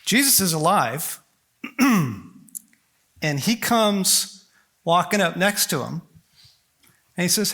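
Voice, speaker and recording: A man giving a storytelling sermon at a conference, animated and joking as he acts out the scenes. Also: high voice, slow, pauses often. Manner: animated and joking, acting out quotes. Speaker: conference speaker.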